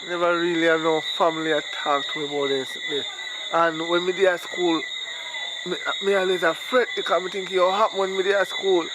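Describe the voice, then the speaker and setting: Hesitant high-voiced Jamaican man. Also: heavy background noise. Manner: hesitant, halting confiding. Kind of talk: comedy sketch acting.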